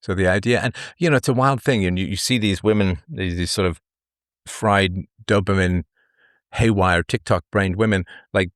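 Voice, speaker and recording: A man's voice: low voice, steady tone, normal speed, dry recording, studio quality. A man hosting a livestream monologue, reading statistics and repeating his phrases for emphasis. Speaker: livestream host. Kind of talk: commentary monologue.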